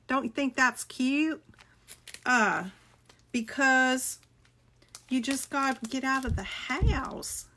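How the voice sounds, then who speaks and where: Slow, chatty woman. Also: high-pitched, pushed and bright. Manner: chatty, gushing, talks to viewers by name. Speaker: crafting video host. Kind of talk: casual chat showing a craft haul.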